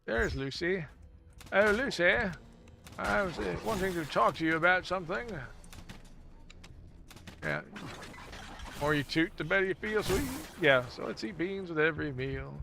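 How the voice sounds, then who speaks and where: A man streaming a video game, chatting casually and jokily with viewers, thanking them and breaking into laughs and sudden loud exclamations. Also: high-pitched, a little slow, creaky, pauses often. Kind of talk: casual live-stream chat while gaming.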